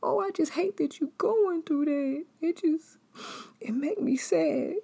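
A woman voicing a gushing, fake-sympathetic female friend who talks high, breathy and overly sweet. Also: a little slow, mellow, exaggerated voice.

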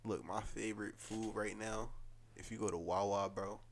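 A young man co-hosting a podcast, telling food stories in animated slang with mock emotion. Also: on the low side, moderate pace, a little hiss or hum. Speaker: podcast co-host. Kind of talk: casual chat.

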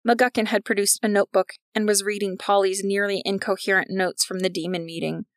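A woman's voice: medium pitch, little pitch movement, brisk, no room sound, studio quality. A woman narrating a fiction podcast in a wry storytelling manner.

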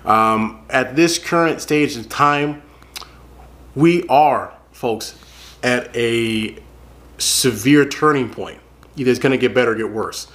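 A man's voice: medium pitch, takes it slowly, a bit bright. A man giving earnest spoken commentary to his viewers, repeating phrases for emphasis and calling them folks. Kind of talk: casual spoken commentary to camera.

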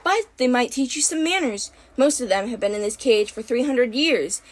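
A woman's voice: fairly high pitch, animated, moderate pace. A woman voicing a scheming sorceress who speaks in a silky, patronizing, smug way. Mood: condescending. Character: scheming female sorceress, sweetly condescending.

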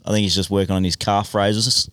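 A man hosting a casual podcast, relaxed and full of fillers. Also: on the low side, fairly quick, no room sound. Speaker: host. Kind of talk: casual chat.

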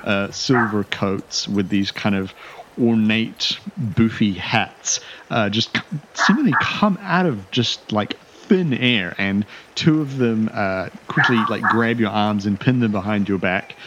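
Low-voiced rambling game master man. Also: measured pace, lo-fi sound, noisy background. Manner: rambling, loose, full of fillers. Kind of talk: narrating a tabletop game.

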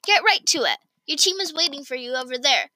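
A woman reading as a peppy storybook teacher, high and crisp. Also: animated, fairly quick, sharp tone, dry recording. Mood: cheerful. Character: upbeat adult woman schoolteacher.

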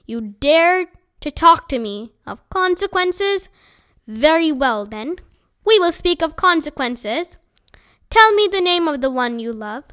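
A woman's voice: sits high, expressive, slow, fairly bright tone, voice pushed up, exaggerated voice. A woman voicing a stern old witch in a storybook reading, curt and dismissive. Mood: menacing.

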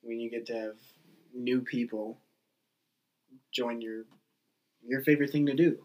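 A man's voice: medium pitch, steady tone, unhurried, lo-fi sound. A man hosting a podcast, chatting in an easygoing, agreeable way. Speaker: podcast host. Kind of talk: casual chat.

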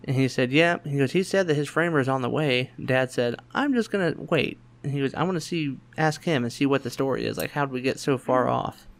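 Man, young adult, podcast host, casual storytelling, animated, quotes other people. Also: medium pitch. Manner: quick, animated anecdote-telling with voiced quotes.

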